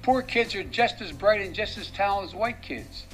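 An older male politician speaking at a campaign event in a slightly high voice. He halts, repeats himself and restarts sentences as he goes. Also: lively intonation, over music. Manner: halting, with restarts and repetitions. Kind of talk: campaign speech.

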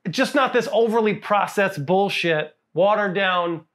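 High-pitched guy on a movie podcast, laughs a lot, trips over words repeating them. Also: measured pace. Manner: animated, laughing, repeats words while searching. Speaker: podcast co-host. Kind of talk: casual movie review chat.

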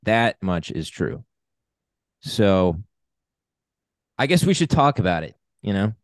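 Male podcast co-host, low-ish voice, dry close sound, upbeat explainer. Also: big pitch swings, takes it slowly, dry recording. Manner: upbeat, explains definitions at length. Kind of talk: casual conversational podcast.

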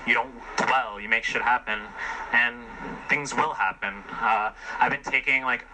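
A man's voice: mid-range voice, steady tone, measured pace, very noisy. A man talking casually and bluntly into his camera, swearing and rambling as he walks city streets and stations at night. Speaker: vlogger. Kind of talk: casual walking vlog.

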